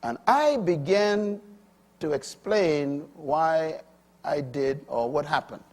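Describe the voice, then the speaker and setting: An older man preaching a sermon, swinging between loud, high emphatic bursts and low, quiet asides. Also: lively intonation, slow pace.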